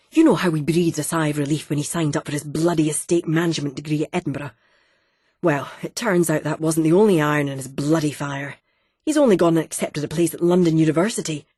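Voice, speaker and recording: Blustering middle-aged father as voiced by a woman narrator, loud and indignant, low husky voice, dry close sound. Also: no room sound. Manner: loud, indignant ranting with heavy swearing.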